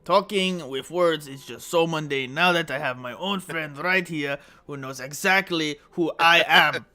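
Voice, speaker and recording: A pompous goblin who thinks he is the smartest in the land, as a man puts him on. The voice sits high and bright, with booming self-important declarations. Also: measured pace. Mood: grandiose. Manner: grandiose, theatrical declarations.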